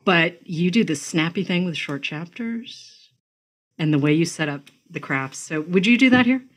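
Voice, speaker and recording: Podcast host, woman from Massachusetts, enthusiastic and chatty, lower pitch. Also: animated. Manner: chatty, enthusiastic, quick asides. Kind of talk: casual interview chat.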